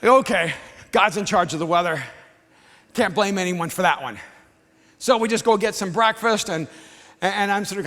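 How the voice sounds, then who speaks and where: High, bright-voiced male preacher in a hall. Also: moderate pace. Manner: animated storytelling, swinging from hushed to shouting. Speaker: pastor. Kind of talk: sermon. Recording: long hall reverb.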